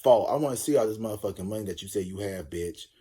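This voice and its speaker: A man voicing a furious, foul-mouthed young queen, talking loud and exasperated, with a husky voice. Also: fairly low pitch, fast talker. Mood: fed up.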